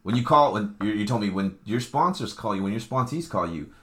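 A man telling his recovery story in a casual chat, animated, with slangy speech and swearing, often acting out the dialogue. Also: lowish voice, fairly quick, very noisy. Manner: animated, acts out quoted dialogue, laughs often.

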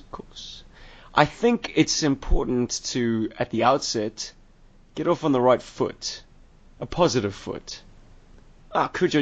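A man hosting a casual podcast, tipsy, wry and rambling. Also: medium pitch. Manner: rambling, wry, self-mocking. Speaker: podcast host. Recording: dull lo-fi podcast audio.

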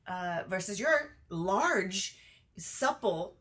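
A woman's voice: mid-range voice, expressive, drawn-out words, fairly bright tone, slightly rough. A woman co-hosting a casual podcast chat, candid and playful, often restarting her sentences. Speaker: podcast co-host.

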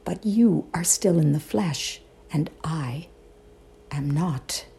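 A woman voicing the sad, frightened ghost of a young man, speaking slowly and quietly in a mournful tone. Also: low-pitched, creaky, husky, heavily acted.

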